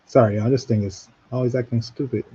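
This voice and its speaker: A man's voice: medium pitch, fairly even intonation, brisk, dark tone, slightly rough, muffled recording. A man hosting a talk radio show in casual chat, rambling with many restarts.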